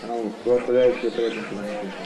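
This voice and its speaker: A man interpreting a talk live, rapid and clipped, in an echoey hall with a crowd. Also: on the low side, steady tone. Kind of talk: live translation.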